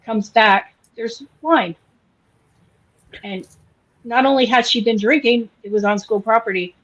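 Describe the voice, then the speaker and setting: A woman co-hosting a casual podcast, retelling a story in an animated way and acting out the people in it. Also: a little high, unhurried. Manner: animated retelling with quoted voices. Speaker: podcast co-host. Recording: slightly dull lo-fi sound.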